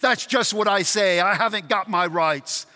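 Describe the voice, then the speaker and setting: Man doing a boastful, indignant male ghost, high and sharp, long hall reverb. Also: moderate pace. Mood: aggrieved. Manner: indignant, argumentative, sulky. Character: blustering, self-righteous male ghost of a working man.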